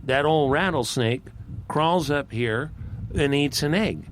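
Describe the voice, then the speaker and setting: A man's voice: a little high, slow pace, slight background noise, pitched above the performer's own voice. A fretful raven wife from a campfire fable, put on by a man telling the tale speaks in a raised, plaintive voice. Faint outdoor ambience sits behind her. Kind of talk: live campfire storytelling.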